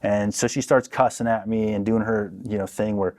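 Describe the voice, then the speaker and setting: A man with a fairly low voice tells a long personal story as a podcast guest. He talks casually and acts out the people in his story with lively voices. He is recorded in a podcast studio. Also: moderate pace. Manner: animated, acts out quoted people.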